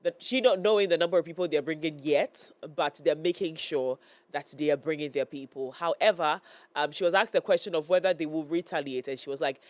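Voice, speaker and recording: A woman's voice: deep voice, a little fast, darkish tone, no room sound. Nasal-voiced woman hosting live. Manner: chatty, hesitant with many fillers. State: nasal, stuffy from a cold. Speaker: morning show host. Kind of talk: live studio talk show hosting. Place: broadcast studio. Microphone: studio microphone.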